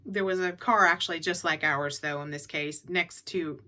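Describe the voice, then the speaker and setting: Woman, middle-aged, casual advice vlog, chatty, repeats her points, bright tone. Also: lowish voice, fairly even intonation, normal speed. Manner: chatty, repeats key tips for emphasis. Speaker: reseller vlogger.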